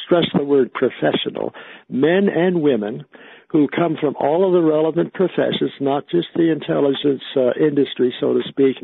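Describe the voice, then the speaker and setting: Male interview guest on the phone: gravelly, halting, dry narrow phone sound. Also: on the high side, no room sound. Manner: halting, with many fillers and restarts. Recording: tinny phone line.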